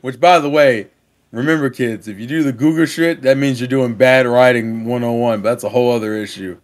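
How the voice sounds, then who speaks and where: A man's voice: medium pitch, a little fast. A man co-hosting a casual podcast chat, swearing freely and acting out little scenes. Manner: animated, swearing, acts out scenes. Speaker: podcast co-host.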